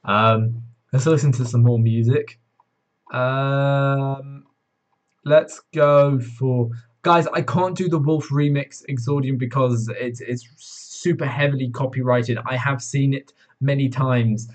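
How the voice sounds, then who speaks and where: A man's voice: mid-range voice, steady tone, takes it slowly. A teenage male live streamer from Wales, chatting casually and teasing his chat with lots of swearing. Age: teens.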